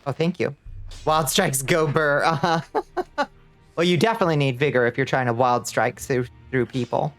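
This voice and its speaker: A woman's voice: very deep voice, fairly even intonation, normal speed, faint music behind. A woman streaming a video game, chatting casually with her viewers, laughing often and thanking them as she plays.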